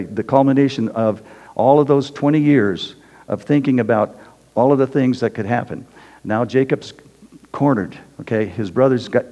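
A male preacher talks his congregation through a scripture passage in an easygoing, chatty manner, often tagging his sentences with "okay?". His voice sounds dark and mellow, and it carries a long reverb from a large hall. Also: medium pitch, lo-fi sound. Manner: conversational, tags lines with "okay?". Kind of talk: sermon.

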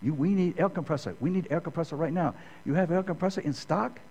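A man's voice: fairly high pitch, quick pace, a little mellow, husky, voice pushed up. A man quoting a middle-aged plant manager, speaking in urgent, clipped, broken English.

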